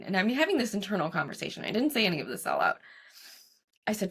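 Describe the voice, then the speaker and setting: Gravelly-voiced woman telling her story. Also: medium pitch. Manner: animated storyteller, acts out her own past dialogue; frequent "like" and quick asides. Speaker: guest, cancer coach. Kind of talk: casual storytelling interview.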